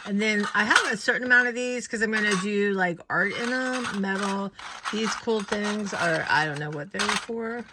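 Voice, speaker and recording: A woman's voice: medium pitch, heavy background noise. A woman vlogging casually from her home, chatty and rambling, often saying "y'all". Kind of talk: casual chat. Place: home, indoors.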